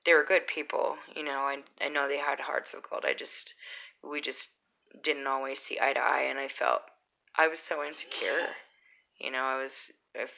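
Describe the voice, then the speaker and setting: Young woman from utah rambling through stories, low gravelly voice, bright edge. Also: fairly even intonation, normal speed, low-quality recording. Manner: chatty, rambling, lots of fillers. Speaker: vlogger. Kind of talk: casual storytelling.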